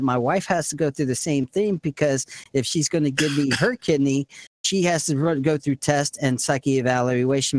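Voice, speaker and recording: A man's voice: medium pitch, no echo. A man leading a gaming community voice-chat meeting, rambling and profane, padding his talk with "and stuff.".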